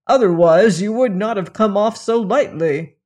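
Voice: medium pitch, normal speed, darkish tone, lightly acted. A storyteller voicing a stern, threatening master. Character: stern, harsh male master, grown man.

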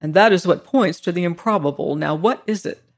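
A hearty gentleman of an old storybook, quick to speak and friendly in tone. A narrator puts him on, close to the reading voice. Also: medium pitch, natural voice. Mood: brisk. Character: brisk, genial gentleman detective.

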